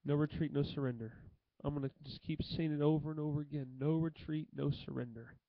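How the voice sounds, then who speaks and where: Young guy vlogging, kinda high voice, stumbles and repeats himself a lot, dry muffled sound. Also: fairly even intonation, vocal fry, no echo. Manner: halting, repeats phrases and restarts often. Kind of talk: emotional tribute monologue to camera.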